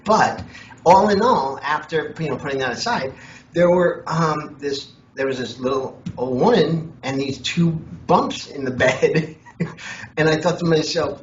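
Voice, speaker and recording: A man's voice: fairly high pitch, unhurried. A man, a comedian, telling funny stories in an interview and laughing often. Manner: jokey, animated, laughs often. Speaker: comedian guest. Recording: echoey, distant, dull lo-fi with faint noise.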